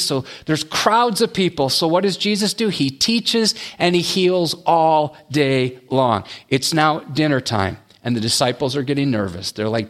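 A male pastor preaching a sermon, dropping low and quiet on his key words. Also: normal speed, hardly any pauses.

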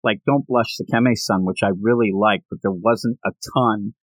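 A man's voice: on the low side, fairly even intonation, moderate pace, no echo, rough recording. Give me a rambling, jokey man hosting a podcast, recorded dry and close. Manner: rambling, jokey, frequent restarts. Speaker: podcast host. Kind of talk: casual podcast chat.

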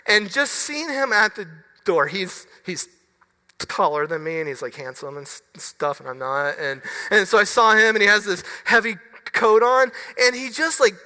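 Slow, earnest male pastor in a reverberant hall. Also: sits high, bright, forceful tone. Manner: earnest, halting, often restarts words. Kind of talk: sermon with personal story.

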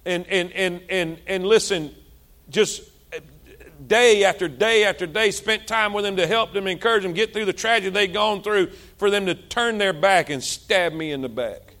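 Impassioned high-voiced preacher man. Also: moderate pace. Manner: impassioned, repetitive preaching with sudden loud and soft swings. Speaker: pastor. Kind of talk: sermon.

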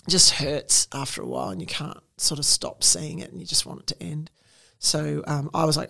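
Gravelly-voiced Australian woman chatting. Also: low voice, fairly quick, pushed and bright. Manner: chatty, many fillers, laughs often. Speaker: guest. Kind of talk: casual interview chat.

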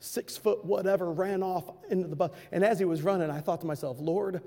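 A male preacher telling a story in a sermon, swinging from shouting passion to hushed quiet. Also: high voice, fairly even intonation, fairly quick, vocal fry. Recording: long hall reverb.

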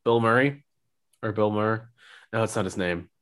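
A man's voice: lowish voice, moderate pace, a bit bright. Man, young adult, casual podcast co-host, rambling, filler-heavy. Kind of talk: casual chat.

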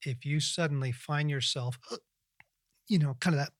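A middle-aged man hosting a Christian podcast, talking earnestly and reflectively in casual conversational teaching, with lively bursts and frequent restarts. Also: fairly high pitch, a little slow, no room sound, studio quality. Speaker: podcast host and Christian author.

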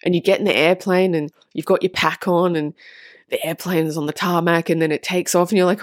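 A woman with a fairly low voice talks straight to her viewers in a casual, earnest monologue. She leans on repetition to drive her points home and drops a swear word now and then. The sound is dry and close, with no room echo. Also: very animated, brisk. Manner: earnest and emphatic, repeats phrases for stress. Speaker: spiritual vlogger on twin flames.

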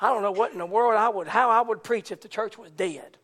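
A man preaching a fervent Pentecostal sermon, moving from low conversational talk to shouted, rousing preaching. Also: a little fast. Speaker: pastor.

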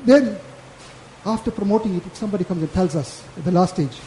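A South African maulana delivers a Friday lecture in a very high, lively, mellow voice at a fairly quick pace. His preaching is casual, and he drives each point home by repeating it emphatically. The audio echoes like a mosque hall and carries a faint hiss or hum.

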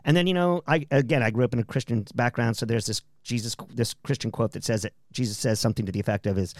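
A man hosting a podcast, talking quickly and rambling in a chatty way. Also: mid-range voice, no room sound, studio quality. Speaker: podcast host. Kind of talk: casual podcast conversation.

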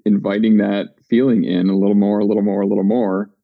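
A man's voice: on the low side, little pitch movement, fast talker, creaky, no room sound, phone-quality sound. A man guiding a group call in an earnest way, repeating words for emphasis. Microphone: video call.

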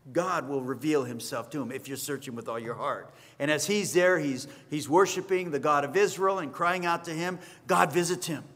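A male pastor preaching a sermon, telling the story with animated energy and acting out the characters' lines. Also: fairly high pitch. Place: church sanctuary. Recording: long hall reverb.

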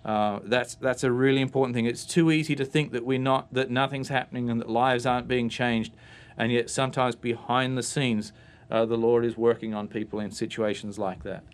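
A man's voice: mid-range voice, steady tone, fairly quick. A man from Australia, a guest giving a storytelling personal testimony on a church talk show. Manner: storytelling, acts out voices in his anecdotes.

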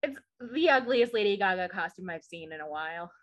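A woman's voice: fairly low pitch, lively intonation, a little fast. A woman co-hosting a podcast, chatting casually and opinionatedly as she recaps a show, with many asides. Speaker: podcast co-host.

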